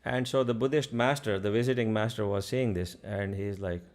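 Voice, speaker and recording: A man's voice: on the low side, fairly even intonation, moderate pace. A man telling a parable in a casual way during a spiritual talk. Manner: casual, with frequent fillers. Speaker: spiritual speaker.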